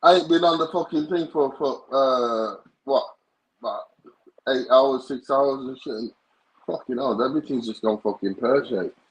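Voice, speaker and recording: A man's voice: mid-range voice, moderate pace, poor audio. Reassuring man on a livestream. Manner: supportive, reassuring, profane. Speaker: livestream panel guest. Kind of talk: casual livestream chat.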